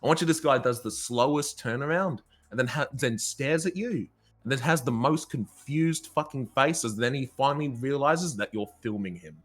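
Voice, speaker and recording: A man telling a story in casual chat, animated, swearing freely and often laughing. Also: mid-range voice, normal speed.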